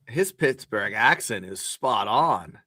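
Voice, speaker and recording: A man on a casual sports podcast panel cracks jokes and laughs often. His voice rings bright, with a dry, close sound. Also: medium pitch, animated, slow pace, no echo.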